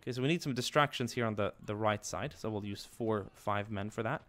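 A young man giving live commentary on a strategy war game, yelling and swearing at his troops one moment and muttering quietly the next. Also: lowish voice, a little fast. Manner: excitable, swears and yells at his units, drops to quiet mutters. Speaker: gameplay commentator.

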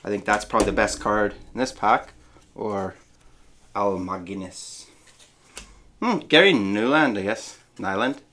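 A man's voice: on the low side, measured pace, pauses often, fairly bright tone, slight background noise. A man chatting casually as he opens and reads out old trading cards, musing aloud with small hums. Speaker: card-opening vlogger. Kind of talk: casual unboxing chat.

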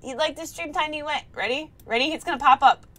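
A young woman livestreams, chatting casually in a high-pitched, sharp voice and talking fast. She's giggly, greets viewers, reads chat names aloud, and keeps breaking into laughter.

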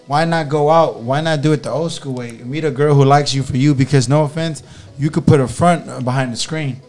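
A man's voice: medium pitch, steady tone, brisk, darkish tone, faint music behind. A man co-hosting a casual group chat, talking emphatically with street slang. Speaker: podcast co-host.

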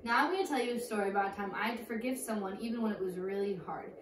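A woman's voice: mid-range voice, racing. A woman teaching a children's church lesson, upbeat and speaking simply to kids. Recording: echoey room, distant mic, background noise.

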